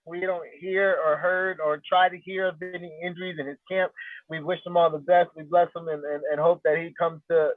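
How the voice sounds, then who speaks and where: A man's voice: on the high side, dry recording. A man, a guest fighter in a casual interview, talking confidently and rambling with lots of fillers. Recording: tinny phone-like line, dry.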